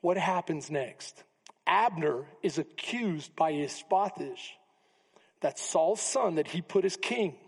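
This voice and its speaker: High, husky-voiced pastor preaching in a hall. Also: male voice, takes it slowly. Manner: animated storytelling, acting out quotes with humor. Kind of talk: sermon. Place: church sanctuary. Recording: long reverb of a church hall.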